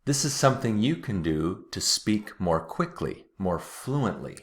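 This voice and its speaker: Patient male pronunciation teacher, low voice, unhurried, repeats each word with care. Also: very animated. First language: English. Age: adult, watched TV as a kid in the 80s-90s. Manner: patient, repeats words slowly and clearly. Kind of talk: slow, deliberate pronunciation lesson.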